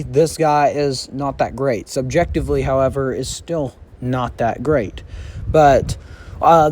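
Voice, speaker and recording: A man's voice: medium pitch, darkish tone. A man hosting a casual vlog about Halloween props, rambling with lots of fillers and restarts, and hiccuping now and then. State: has the hiccups. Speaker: YouTube host reviewing Halloween props.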